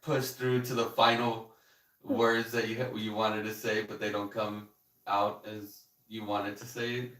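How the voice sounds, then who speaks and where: A man's voice: on the low side, level tone, unhurried, fairly bright tone, recorded from a distance. A man chatting casually as a guest on a stream, laid-back and hesitant, often searching for his words. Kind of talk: casual chat. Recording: echoey room, off-mic.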